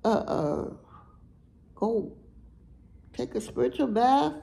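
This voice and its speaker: A woman's voice: a little high, very animated, slow pace, gravelly, dark tone, poor audio. Blunt, profane woman doing a tarot reading. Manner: blunt, profane, emphatic street talk. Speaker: tarot reader.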